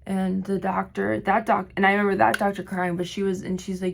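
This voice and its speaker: A woman vlogging while doing her makeup, telling a long personal story in a rambling, filler-heavy way, her voice slightly hoarse. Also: medium pitch, flat delivery, fairly quick, a little hiss or hum. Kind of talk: get-ready-with-me storytime.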